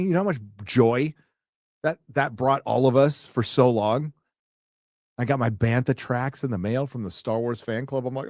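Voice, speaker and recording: A man's voice: mid-range voice, normal speed, dry recording. A man in the middle of his range chats loosely on a live stream, reading comments and breaking into profane, sarcastic rants. The sound is dry and close, with no room around it. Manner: profane, ranting, sarcastic asides. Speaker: livestream host reading viewer comments. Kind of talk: casual live-stream chat.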